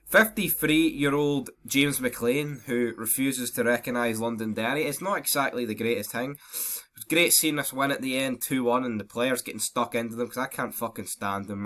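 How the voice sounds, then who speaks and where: A man's voice: mid-range voice, sharp tone. A young Scottish man with a throat infection and stuffy nose, ranting bluntly and mockingly through a casual football match review. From Scotland. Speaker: football vlogger.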